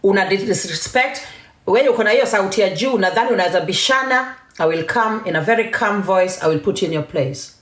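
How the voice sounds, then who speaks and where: Defiant, lively woman ranting on a live stream. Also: mid-range voice, brisk, reverberant. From Kenya. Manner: switches between English and Swahili, emphatic and defiant. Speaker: TikTok live host. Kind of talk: heated live-stream rant.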